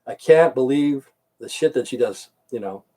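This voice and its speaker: A man's voice: medium pitch, moderate pace, warm tone. Profane, ranting American man. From United States. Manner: profane, repetitive, heated. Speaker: vlogger. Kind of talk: angry ranting monologue.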